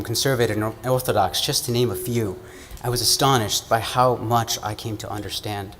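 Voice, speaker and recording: A young man from the American Midwest giving an earnest, measured, oratorical student speech at an event. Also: medium pitch. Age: young adult. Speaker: student speaker. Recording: long hall reverb, faint room noise.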